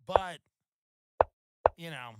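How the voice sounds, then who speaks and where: A man's voice: a little high, very slow, very noisy. A man hosting a podcast, telling comedic stories in a sardonic, mock-outraged monologue. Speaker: podcast host.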